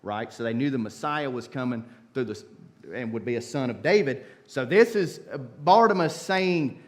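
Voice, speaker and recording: A man preaching a sermon, telling the story in a folksy, animated way with casual asides. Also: mid-range voice, moderate pace. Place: church sanctuary.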